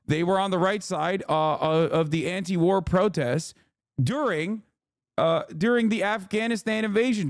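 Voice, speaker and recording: A man's voice: sits high, no echo, studio quality. A man commentating on a live stream, ranting heatedly with lots of swearing and mocking voices for the people he criticizes.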